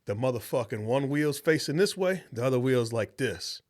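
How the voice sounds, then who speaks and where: A man's voice: medium pitch, animated, moderate pace. A young adult man, a podcast co-host, telling a story in casual chat, swearing freely and acting out the voices of people he quotes.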